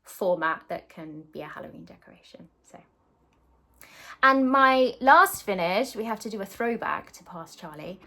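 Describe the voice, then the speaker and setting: A woman's voice: mid-range voice, lively intonation, normal speed, gravelly, pushed and bright. A British woman chatting casually in a crafting vlog, rambling and laughing at herself. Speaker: cross-stitch vlogger. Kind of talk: casual chat.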